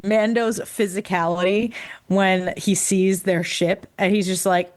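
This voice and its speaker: A tired woman co-hosting a podcast in casual chat, excited and laughing often. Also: medium pitch. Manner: excited, laughs often, puts on quick character voices. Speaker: podcast co-host.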